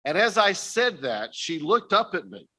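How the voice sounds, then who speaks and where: A man's voice: high-pitched, very animated, normal speed, sharp tone. An older man giving an earnest personal testimony talk to a conference audience, speaking directly to his listeners. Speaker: missionary speaker. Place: conference stage.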